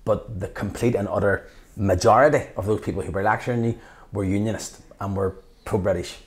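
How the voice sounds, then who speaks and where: A man's voice: fairly low pitch, brisk. A man in his fifties with a Belfast accent, a guest in an interview telling his stories with passion and acting out what people said. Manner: passionate, animated storyteller who acts out quotes. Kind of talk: conversational interview.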